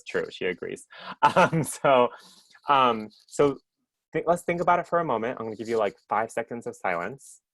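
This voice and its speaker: A man's voice: on the low side, fairly bright tone, dry recording. A man leading an interactive online workshop over a video call, upbeat and chatty, often checking in with the group. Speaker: workshop presenter.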